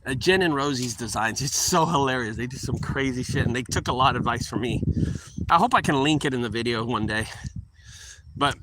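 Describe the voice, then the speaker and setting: A man's voice: mid-range voice, fairly quick, heavy background noise. A middle-aged man who owns a junk removal business, rambling and repeating himself as he gives casual advice and briefly acts out his conversations with customers. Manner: rambling and repetitive, acting out short quoted exchanges.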